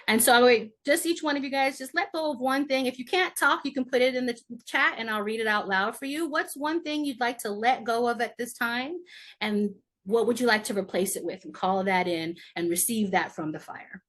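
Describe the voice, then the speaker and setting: A woman shamanic healer gently guiding a virtual group ritual over a video call, encouraging each person and answering with aho. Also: fairly high pitch, fairly quick. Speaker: shamanic healer leading a ceremony.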